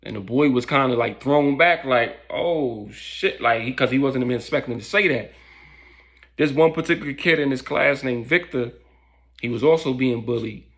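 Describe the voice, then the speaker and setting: A man's voice: mid-range voice, moderate pace, fairly bright tone. A man casually telling a story in loose street slang, with lots of fillers.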